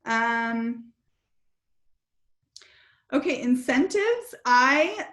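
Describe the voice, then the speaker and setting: A woman in her thirties shares homeschooling advice over a video call. She talks candidly and pokes fun at herself, with plenty of fillers, and her fairly high voice rings in an echoey room. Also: expressive, very slow, fairly bright tone. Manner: candid and self-deprecating, many fillers. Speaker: homeschooling mom giving advice.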